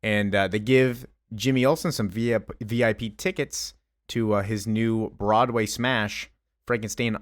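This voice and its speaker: Casual young male comics host, low voice, dry close sound, loose filler-heavy retelling. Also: fairly even intonation, measured pace, dry recording. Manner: rambling, filler-heavy retelling with offhand character impressions. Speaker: comic book recap host. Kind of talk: casual comic recap with quick character voices.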